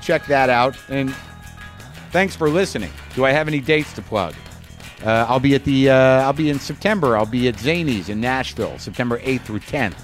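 A man's voice: medium pitch, moderate pace, faint music behind. A man, a podcast host, signing off from a hotel room with chatty, rambling plugs and a self-deprecating tone. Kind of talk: show outro.

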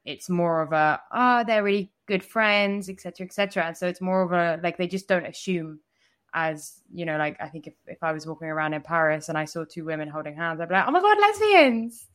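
A woman's voice: low voice, flat delivery, fast talker, clean tone. A woman co-hosting a podcast, telling a travel story in casual chat, full of "like" fillers and cheerful swearing. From foreigner living in India. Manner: chatty, with frequent swearing and many "like" fillers. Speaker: podcast co-host.

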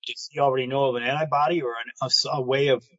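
A man's voice: medium pitch, steady tone, very fast, fairly bright tone, no room sound. A man chatting casually on a live online show, rambling and speculating with lots of restarts, heard over a video call. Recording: dull lo-fi call audio.

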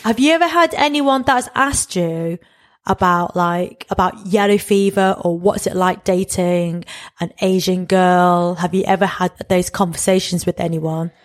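A woman, co-hosting a podcast in casual chat and telling stories in an animated way. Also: fairly low pitch, unhurried. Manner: chatty, animated storytelling with laughs. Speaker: podcast co-host.

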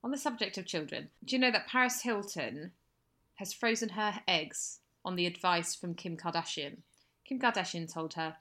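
A woman's voice: lowish voice, brisk, pushed and bright. A woman in her thirties co-hosting a casual chat, wry and self-deprecating. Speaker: podcast co-host.

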